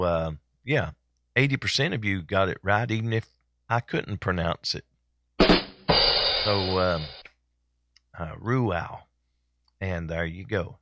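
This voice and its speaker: Chatty man with a bright, dry voice. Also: lowish voice, no room sound. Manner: relaxed, chatty, with many fillers. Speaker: host. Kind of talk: casual daily broadcast talk.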